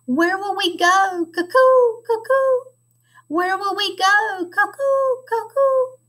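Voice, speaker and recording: A woman voicing a chorus of excited young cygnets while reading a storybook aloud, squeaky and sing-song. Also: slow pace, full character voice. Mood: giddy.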